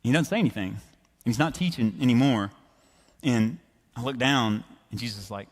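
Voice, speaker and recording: A man preaching a sermon in a church, animated and conversational as he tells a story. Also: medium pitch, fairly quick, slightly rough. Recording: reverberant church hall.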